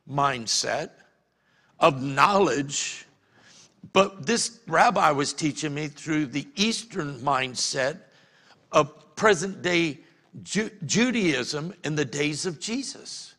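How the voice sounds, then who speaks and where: Folksy pastor, bright and high. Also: male voice. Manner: folksy, animated storytelling with acted-out quotes. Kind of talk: sermon. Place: church sanctuary. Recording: long hall reverb in a church.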